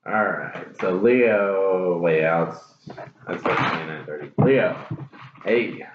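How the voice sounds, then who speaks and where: Deep-voiced blunt man reading tarot. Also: slow. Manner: blunt and profane, repeats phrases for emphasis. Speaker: tarot reader. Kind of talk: casual tarot reading to camera. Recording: roomy, dull lo-fi with clear hiss.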